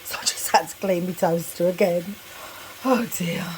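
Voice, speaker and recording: Kitchen clatter from dishes and cutlery runs behind a woman whose voice is on the low side and whose speed is normal. She's a vlogger in her home kitchen, casually talking through her cooking step by step and laughing at herself.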